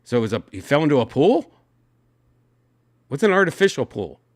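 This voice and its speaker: A man's voice: fairly high pitch, a little fast, no room sound, clean studio sound. A man hosting a podcast, reading news stories aloud in a casual chat and reacting with lots of exclamations and swearing. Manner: animated, exclaiming, swearing often. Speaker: podcast host.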